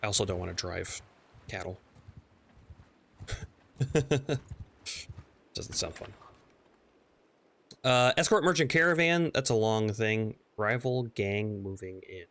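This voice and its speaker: A man's voice: lowish voice, animated, slow, pauses often, slight background noise. A man streaming a strategy game, casually muttering and reading game text aloud as he plays. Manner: mumbling, reads game text aloud, trails off quietly. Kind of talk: casual gameplay commentary.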